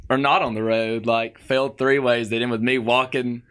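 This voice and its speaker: A man's voice: mid-range voice, little pitch movement, moderate pace, a bit bright, clear, resonant tone. Laughing man telling a rambling story. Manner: rambling, laughing, acts out quotes. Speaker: podcast guest, touring musician. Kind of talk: casual storytelling. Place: podcast studio.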